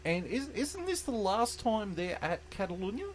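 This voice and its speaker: A man's voice: sits high, big pitch swings, normal speed, slight background noise. A man hosting a casual sports podcast, joking, swearing and laughing often. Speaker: podcast host. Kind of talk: casual chat.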